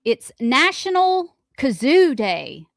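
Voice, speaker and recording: A woman co-hosting a morning radio show, playful and quick to laugh. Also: sits high, big pitch swings, gravelly, dry recording, clean studio sound. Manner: giggly, playful, chatty. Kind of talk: casual radio banter.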